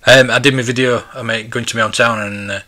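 A man's voice: mid-range voice, fairly even intonation, fast, pushed and bright. A man in his forties, hosting a casual live stream and chatting in a rambling, nostalgic way. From United Kingdom. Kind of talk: casual live-stream chat, reading viewer comments.

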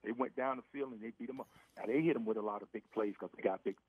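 Middle-aged ex-player on a phone line, tinny and dry, keeps repeating himself for emphasis. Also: male voice, medium pitch, rapid-fire, breathy edge, no room sound. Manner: repetitive, emphatic, restarts phrases. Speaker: former NFL receiver, radio guest. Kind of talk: casual sports radio talk.

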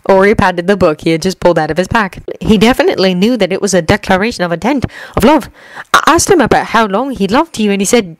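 A woman reading a fanfiction story aloud at a gentle, even pace, lightly acting out the dialogue. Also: medium pitch, fast, dry recording, poor audio. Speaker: fanfiction reader.

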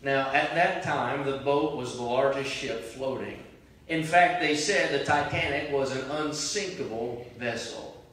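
A man preaching a sermon as pastor, moving between prayer and loud impassioned cries. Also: medium pitch, unhurried. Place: large church sanctuary. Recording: very echoey church from a distant mic.

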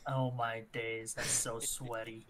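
A man's voice: mid-range voice, flat delivery, takes it slowly, fairly bright tone, slight background noise. A man streaming a video game, chatting casually and loosely with friends and laughing easily. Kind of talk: casual gaming chat.

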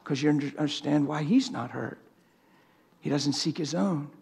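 Male preacher, high and husky, fiery delivery that drops to near-whispers. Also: normal speed. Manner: impassioned, swings from loud to hushed. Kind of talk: sermon. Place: church sanctuary.

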